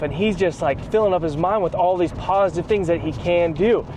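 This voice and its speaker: A man vlogging in a casual, animated storytelling way, full of slang like bro and dude. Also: sits high, a little fast, hardly any pauses, a little hiss or hum. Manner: excited, animated retelling. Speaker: vlogger, athlete.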